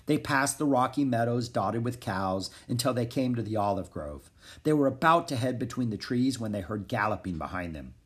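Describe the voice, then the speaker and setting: A man reading a children's chapter book aloud in an expressive storytelling manner. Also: medium pitch, husky. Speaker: narrator.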